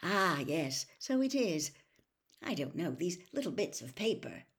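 An eager, flustered middle-aged wizard father with a bright, lifted voice, as a woman reader puts him on. He fusses and hurries over his words, keen and a bit anxious. A storybook reading. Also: on the low side, big pitch swings, measured pace. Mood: nervous.

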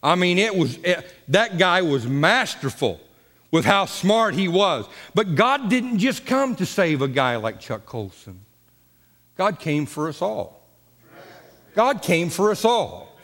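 A man's voice: sits high, fairly bright tone. A pastor preaching a folksy, repetitive sermon in his church sanctuary. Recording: long church reverb.

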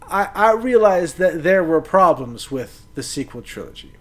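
A man in his thirties co-hosting a casual movie podcast, easygoing and quick to react. His voice sits a little high and moves freely up and down. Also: big pitch swings. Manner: easygoing, reacting with short interjections. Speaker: podcast co-host. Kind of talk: casual movie-review chat.

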